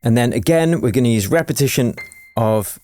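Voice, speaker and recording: Man, music production tutor, chatty and upbeat, mid-pitched voice, faint piano music behind. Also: animated, fairly quick, mellow. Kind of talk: step-by-step tutorial. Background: faint piano and synth music.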